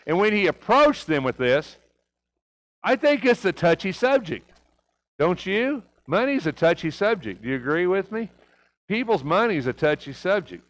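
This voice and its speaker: A man's voice: high voice, low-quality recording. A man teaching a church Bible class, asking rhetorical questions and often checking in with "right?".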